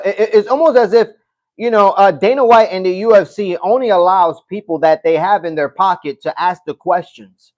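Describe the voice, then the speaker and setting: High-pitched male streamer, casual chat with his audience, animated and loose-mouthed. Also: highs cut off. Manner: animated, talks straight to chat, swears. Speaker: livestream host. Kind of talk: casual livestream chat reading comments.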